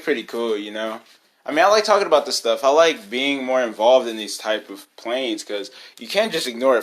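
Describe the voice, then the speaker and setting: A young man speaking into his camera in an off-the-cuff vlog. His voice sits at a middling pitch, and his talk is loose and full of slang. He drifts and rambles, then turns heated and emphatic as he gets worked up. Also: fairly bright tone. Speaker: vlogger. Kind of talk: casual opinion vlog to camera.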